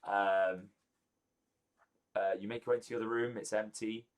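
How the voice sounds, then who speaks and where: A man narrating as game master of a tabletop game, halting with frequent ums and restarts. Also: on the low side, steady tone.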